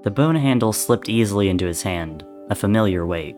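Male storyteller, lower voice, measured dramatic reading. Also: lively intonation, darkish tone, soft background music. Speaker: narrator. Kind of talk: reading fan fiction aloud.

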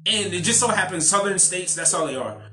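A man chatting casually as a podcast co-host, telling animated stories and acting out quotes. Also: fairly quick, roomy sound. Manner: animated storyteller, acts out quotes in higher voices. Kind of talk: casual chat.

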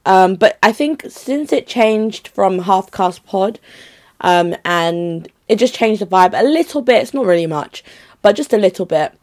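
A young woman talks straight to her viewers in a loose, chatty way. She rambles, trails off and restarts her thoughts. Her voice sits at a middling pitch for a woman. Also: animated, unhurried, a little mellow. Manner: chatty, rambling, self-interrupting. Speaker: vlogger. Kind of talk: casual chat to viewers.

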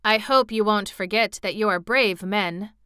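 Woman reads firm, scolding tin commander. Bright, clear storybook voice. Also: medium pitch, measured pace, no room sound, clean studio sound. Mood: stern.

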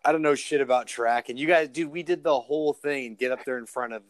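A young man in casual chat, speaking in a mock-annoyed, halting way. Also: medium pitch, no echo.

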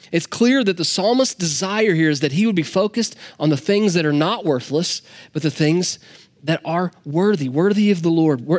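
Male pastor delivering a sermon; slightly high-pitched, candid, casual asides. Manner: candid, conversational preaching with asides to the congregation.

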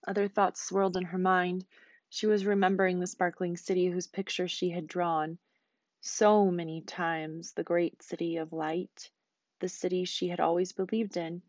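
A woman teacher reading a novel aloud, quick and expressive. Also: on the low side, no echo, muffled recording.

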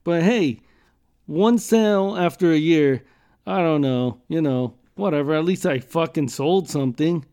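A man's voice: a little high, measured pace, warm tone, clean tone. A man hosting a podcast, telling rambling jokey stories in a casual, profane way. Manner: profane, rambling, joking storyteller. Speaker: podcast host.

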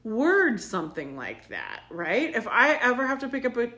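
A woman's voice: on the high side, wildly swooping pitch, normal speed, sharp tone. A woman co-hosting a podcast, telling a personal story in a rambling, reflective way with lots of fillers. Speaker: podcast co-host. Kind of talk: casual chat.

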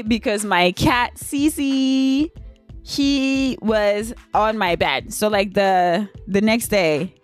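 A young woman telling a storytime video in a loose, candid way. Her pitch sits in a middle range, and she laughs easily while speaking bluntly. Faint music plays in the background. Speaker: vlogger. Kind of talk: casual storytime.

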